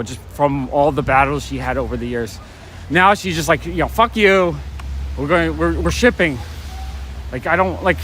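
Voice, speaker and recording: High-voiced man rambling on a rainy walk. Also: fairly bright tone. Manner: rambling, talks while walking, out of breath at times. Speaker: comic shop owner vlogger. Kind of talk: casual live-stream walk and talk. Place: outdoors on a rainy city street at night. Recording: faint street and traffic noise.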